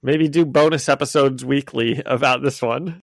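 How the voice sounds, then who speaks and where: A man's voice: medium pitch, fairly even intonation, gravelly, no echo. Casual man recapping a comic. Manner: loose, laughing, recaps plot with quick paraphrased quotes. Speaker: podcast co-host. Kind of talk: casual chat, retelling a comic.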